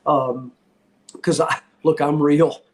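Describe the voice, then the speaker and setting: Middle-aged man, podcast guest; candid, rambling storyteller with a slightly high voice. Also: steady tone, slow pace. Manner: candid, rambling, heartfelt, with frequent restarts. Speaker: podcast guest, retired wrestler. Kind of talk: casual interview storytelling.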